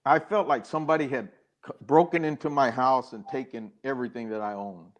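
A man's voice: mid-range voice, brisk, dull audio. An older man, a guest in an interview, earnestly telling a personal story with many restarts and acted-out quoted dialogue.

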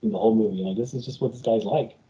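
A man's voice: fairly low pitch, very fast, warm tone. A man co-hosting a casual chat, giving emphatic opinions with stumbling restarts. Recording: dull lo-fi sound.

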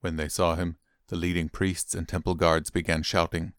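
A man reading a Bible chapter aloud in steady, clear narration. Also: low voice, normal speed, few pauses, no echo, studio quality. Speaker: Bible reader. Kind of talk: scripted scripture reading.

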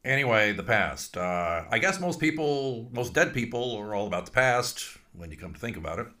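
A man voicing a folksy, wry male ghost who was once a dean, talking in a slow, dry drawl. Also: medium pitch, lively intonation, pushed and bright, pitched above the performer's own voice.

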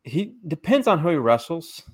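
A man's voice: fairly high pitch, very animated, moderate pace, slightly rough. A man hosting a casual wrestling podcast, rambling and restarting his sentences, swearing now and then while eating. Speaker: podcast host.

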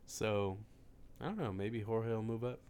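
A man co-hosting a casual sports podcast, measured and making joking asides. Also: fairly low pitch, a little mellow, a little hiss or hum. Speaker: podcast co-host.

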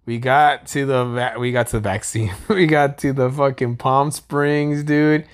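A man's voice: mid-range voice, steady tone, unhurried, clean tone. Male podcast co-host, casual, crude humor, lots of swearing. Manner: crude, joking, swears a lot. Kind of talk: casual chat.

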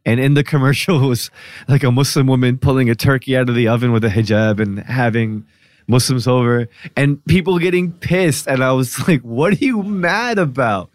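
A man's voice: medium pitch, fairly quick, no room sound, clean studio sound. A man in his thirties, a journalist guest, telling stories in a casual podcast chat and laughing often. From United States. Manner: laughing often, animated storytelling.

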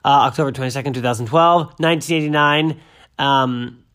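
A man in his thirties chatting casually about music, rambling and excitable, often losing his train of thought. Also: medium pitch, a little fast, smooth. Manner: rambling, excitable, self-interrupting. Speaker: host.

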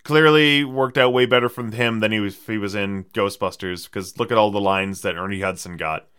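A man with a fairly low but bright, ringing voice hosts a casual movie podcast. He reels off trivia with sardonic asides and loose fillers. The sound is clean and dry, close on the mic. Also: steady tone, normal speed, smooth, dry recording. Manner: wry, sardonic storytelling with lots of fillers.

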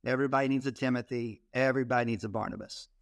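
A man who ministers to teenagers, a podcast guest telling stories with animated energy and frequent restarts. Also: medium pitch, racing, gravelly, no room sound, studio quality. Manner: animated storyteller, frequent repeated starts. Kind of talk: casual interview, storytelling.

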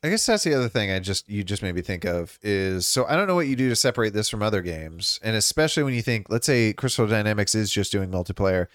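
A man's voice: on the low side, expressive, fast talker, few pauses, a bit bright, no echo, clean studio sound. A man co-hosting a gaming news show, chatting in a laid-back, joking way. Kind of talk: casual gaming news chat.

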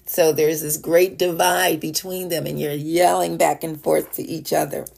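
This devotional podcast host reads scripture and then unpacks it in a chatty, casual way, laughing softly, captured as a podcast voice message. Her low voice is gravelly, a little mellow and breathy-edged, with little pitch movement at a moderate pace.

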